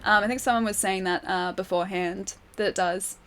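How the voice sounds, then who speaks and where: A woman's voice: medium pitch, fairly even intonation, a little fast, a bit bright. A young Australian woman with a city accent, chatting casually and giggling while she streams a game and reads her chat aloud. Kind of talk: casual livestream commentary. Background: game music.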